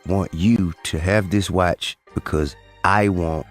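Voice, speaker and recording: A man's voice: low-pitched, fairly even intonation, unhurried. A man casually telling a story in a laid-back way, imitating a drunk friend. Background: faint music.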